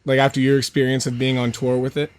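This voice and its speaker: A young man hosting a podcast, talking in a relaxed, conversational way with many fillers. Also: medium pitch, quick pace, clear, resonant tone. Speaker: podcast host. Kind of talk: casual chat.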